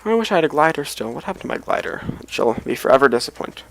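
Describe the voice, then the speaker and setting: A man's voice: a little high, sing-song, fast talker, gravelly, rough recording. A tired man casually rambling as he comments on a game he is playing, with mumbled asides. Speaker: let's play host.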